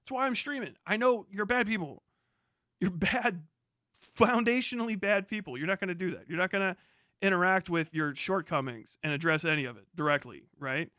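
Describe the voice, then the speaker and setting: A streamer on a live stream, ranting in a heated, profane, rapid-fire way. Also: male voice, sits high, sharp tone, no echo, studio quality. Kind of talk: profane livestream rant.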